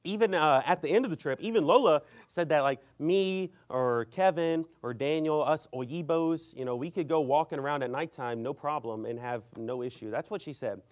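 Rambling male preacher, slightly high voice. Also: moderate pace, hardly any pauses. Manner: rambling, heavy use of "you know". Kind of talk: storytelling sermon.

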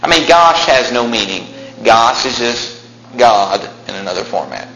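A male pastor preaching a sermon in a church, emphatic, with animated asides. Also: medium pitch, unhurried, muffled recording. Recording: echoey room with faint noise.

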